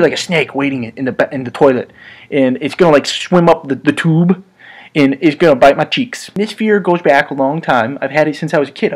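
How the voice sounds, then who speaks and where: A young man telling a funny story to camera, animated, dropping into low mutters and jumping up into high squeals. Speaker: comedy storyteller. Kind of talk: comic storytelling monologue.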